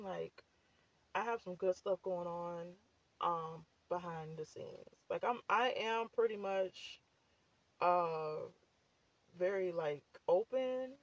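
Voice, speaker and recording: On a casual talk show, this woman, a podcast host and author, rambles chattily with plenty of fillers. Her voice is fairly low, scratchy and a bit out of breath, with vocal fry. The audio sounds muffled.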